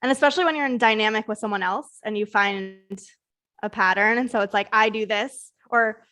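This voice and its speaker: A woman's voice: medium pitch, brisk, pushed and bright. A woman co-hosting a podcast in casual chat, rambling and reflective, with frequent "like" fillers. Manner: rambling, many "like" fillers, laughs easily. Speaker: podcast co-host.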